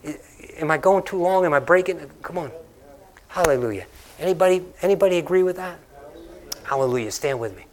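A man preaches to his congregation in a fairly high, conversational voice, telling stories and repeating key lines. He is from the Northeastern United States and moves from casual anecdotes into a slow, earnest prayer. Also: lively intonation, slight background noise. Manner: conversational storytelling preacher who laughs and repeats lines for emphasis. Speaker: pastor. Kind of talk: sermon and closing prayer. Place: church sanctuary.

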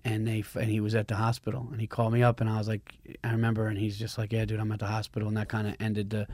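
A man hosting a casual podcast chat, telling his own stories quickly, swearing, and restarting his sentences. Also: on the low side, completely flat delivery, a little mellow, no echo, studio quality. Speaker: podcast host.

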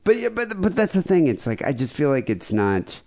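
A man's voice: a little high, big pitch swings, fairly quick, creaky, a little mellow. A man co-hosting a podcast, chatting casually and rambling a little, often repeating words and laughing. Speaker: podcast co-host. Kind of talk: casual chat.

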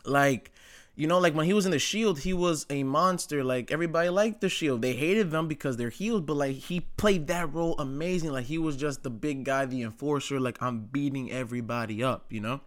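A man's voice: on the high side, brisk. Rambling, slangy man ranting casually. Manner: rambling and opinionated, heavy on "like" and slang, swears. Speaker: wrestling commentary host. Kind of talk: casual chat.

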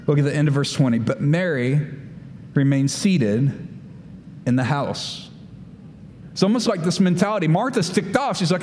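A pastor giving a sermon, talking animatedly and acting out the voices of Bible figures. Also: male voice, a little high, expressive, normal speed, long pauses, a little mellow. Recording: long hall reverb, faint room noise.

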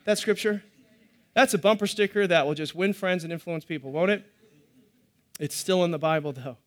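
A man's voice: high-pitched, normal speed. A middle-aged man, preaching a sermon to a live congregation in a conversational way with joking asides. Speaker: pastor.

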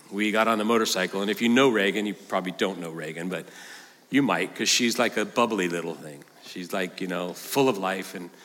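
An older man, a pastor, preaching a sermon and telling a story in an animated way, at times mimicking a squealing child. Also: lowish voice, long reverb tail.

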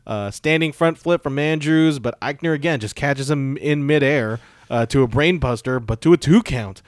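A man co-hosting a casual podcast, reading through his notes with quick asides and jokes. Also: medium pitch, no room sound, studio quality. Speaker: podcast co-host recapping wrestling. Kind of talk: casual recap chat.

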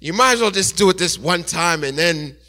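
Preacher man putting on the devil, wheedling tempter, bright voice. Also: high voice, expressive, brisk, big-room sound, pitched above the performer's own voice, full character voice. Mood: coaxing. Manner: coaxing, wheedling.

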